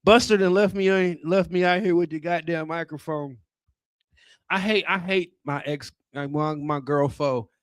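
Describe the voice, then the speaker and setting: A man in his thirties doing a loose, profane and rambling stand-up comedy set on a club stage, talking into a handheld mic, with sudden loud outbursts. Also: on the high side, measured pace, clear, resonant tone, no room sound. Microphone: handheld microphone.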